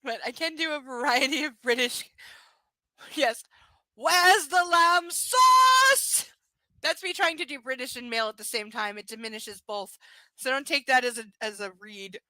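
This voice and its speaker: On a casual stream, a woman reads from a novel and chats in between, blunt and profane, ranting with lots of energy. She speaks briskly in a fairly high, sharp-toned voice, and the audio is poor but has no echo.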